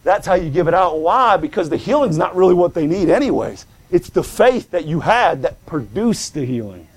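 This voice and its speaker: A male preacher giving a fervent sermon, calling out to the congregation and swinging between shouting and hushed tones. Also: high-pitched, big pitch swings, normal speed, husky.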